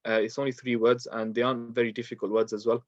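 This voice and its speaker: A man's voice: mid-range voice, little pitch movement, fast talker, no room sound, highs cut off. Patient male tajweed teacher. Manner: patient, explains step by step with many fillers. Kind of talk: online lesson.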